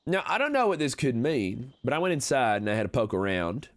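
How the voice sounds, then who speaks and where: A streamer in a live-streamed game roleplay series puts on a folksy Western conman drawl, playing a slick, smooth-talking cowboy swindler who is an adult male. His mid-range voice moves briskly in a sing-song way, full of wheedling salesman patter and a scheming mood.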